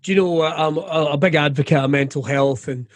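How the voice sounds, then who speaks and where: A man's voice: a little high, a little fast, no echo. A Scottish man, a comedian and radio presenter, talking candidly and jokily in a casual interview, swearing freely.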